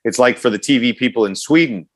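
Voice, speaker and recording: A man's voice: mid-range voice, fast. A man co-hosting a podcast, telling stories in casual chat and laughing often. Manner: animated storyteller, laughs often. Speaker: podcast co-host.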